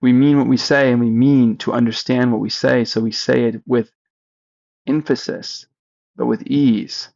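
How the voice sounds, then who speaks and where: A man leading a guided spiritual practice, speaking slowly and deliberately and asking listeners to repeat phrases after him. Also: medium pitch, steady tone, vocal fry, a little mellow, dull audio. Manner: slow, deliberate, leads repetitions. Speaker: spiritual teacher. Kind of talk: guided meditation teaching.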